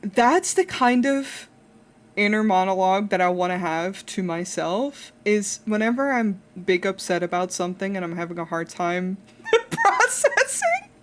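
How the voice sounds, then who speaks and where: A woman's voice: medium pitch, normal speed, noisy background. A young woman chatting casually while drawing on a live stream, rambling with lots of fillers and restarts and laughing often.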